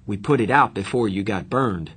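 A man reading a story aloud, voicing a kindly adult man who calmly reassures an injured boy. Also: lowish voice, normal speed, husky. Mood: soothing. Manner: soothing, earnest, steady.

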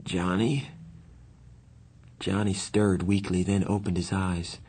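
Low, husky male audiobook narrator. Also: normal speed. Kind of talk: first-person novel narration.

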